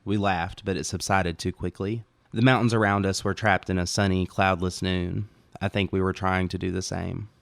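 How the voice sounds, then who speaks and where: A man reading his own short story aloud as first-person audiobook narration, calm and even. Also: low-pitched, moderate pace, creaky, hardly any pauses, no room sound.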